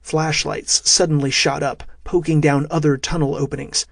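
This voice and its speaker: A man narrating a thriller audiobook in a steady, measured way. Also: fairly high pitch, creaky, dry recording, clean studio sound.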